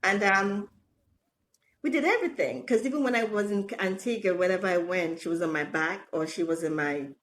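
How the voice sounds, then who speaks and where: Middle-aged woman chatting on a podcast, laughy and animated, slight background noise. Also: mid-range voice, a little fast. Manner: animated, laughs often, acts out quotes. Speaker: podcast guest. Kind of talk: casual storytelling interview.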